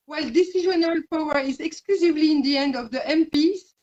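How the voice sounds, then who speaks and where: A woman's voice: high voice, a little fast, darkish tone, lo-fi sound. A woman with a French accent whose first language is French, giving a hesitant, carefully phrased presentation full of fillers over a video call. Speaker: speaker, parliament president.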